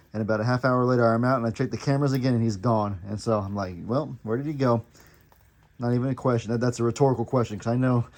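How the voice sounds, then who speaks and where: A man's voice: medium pitch, no room sound. A man talks casually to his viewers in a farm vlog. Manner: talks softly and fondly to his goat. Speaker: farm vlogger.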